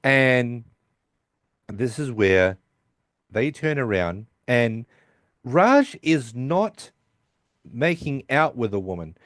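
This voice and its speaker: A man's voice: medium pitch, big pitch swings, slow, pauses often, fairly bright tone, no echo. Male podcast co-host, casual recap voice, dry close mic. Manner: retells scenes with quoted lines.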